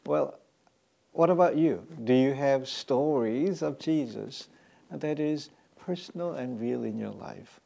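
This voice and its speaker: A male pastor delivers a sermon in a gravelly, mellow voice. He talks haltingly, stopping to fill gaps and restart his sentences as he explains a scripture passage. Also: mid-range voice. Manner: halting, with frequent fillers and restarts.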